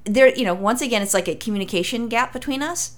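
A woman's voice: fairly high pitch, expressive, quick pace. A woman co-hosting a podcast in casual chat, chatty and blunt, swearing freely. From Italian heritage. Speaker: podcast co-host.

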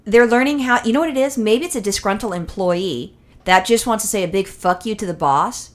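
A woman's voice: medium pitch, a little fast. A woman co-hosting a casual comedy podcast, rambling and profane as she tells stories. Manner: rambling, profane, animated storytelling. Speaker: podcast co-host.

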